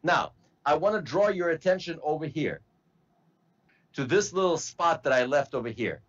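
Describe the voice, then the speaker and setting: A man teaching medical terminology to a class, slowly spelling out word parts and asking students to repeat. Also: on the high side, big pitch swings, highs cut off. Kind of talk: classroom lecture.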